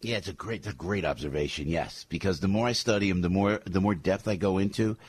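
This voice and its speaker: Husky, excitable male guest from New Jersey, gushing and repetitive. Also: sits low, quick pace, dry recording. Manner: animated, gushing, repeats himself. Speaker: guest, stage performer.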